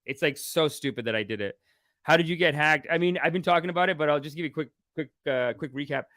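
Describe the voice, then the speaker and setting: A man, a spiritual teacher, chatting casually to his viewers in a live stream, animated and full of exclamations. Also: on the high side, fast talker, no room sound, studio quality. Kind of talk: casual livestream chat.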